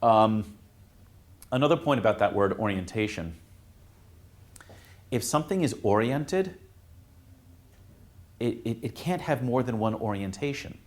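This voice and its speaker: A man speaking as a priest to a classroom of students. His voice sits on the low side, and he talks informally, pausing on fillers and restarting his sentences often. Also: expressive. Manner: halting, with many fillers and restarts. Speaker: Catholic priest teaching students.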